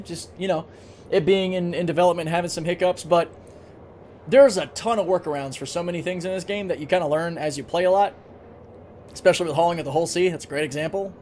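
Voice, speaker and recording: A man's voice: a little high, slight background noise. A man live-streaming a game, chatting casually, thinking aloud and answering chat, with a recurring cough.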